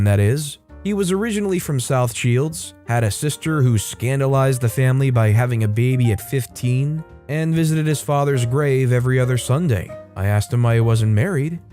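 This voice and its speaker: A man reading a first-person story aloud in scripted storytime narration, measured and expressive. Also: mid-range voice. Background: faint background music.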